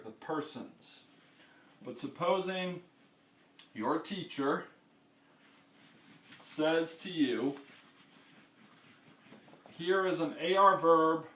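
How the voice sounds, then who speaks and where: A man teaching a lesson, explaining patiently step by step and often checking in with "okay?". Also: mid-range voice. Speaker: Spanish teacher. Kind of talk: classroom-style lesson. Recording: echoey room, mic far off.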